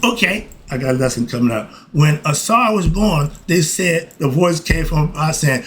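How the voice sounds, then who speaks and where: A man's voice: on the high side, expressive, moderate pace, hardly any pauses, a bit bright, slight background noise. An older man giving life advice in a casual monologue, folksy and emphatic, breaking off with frequent asides.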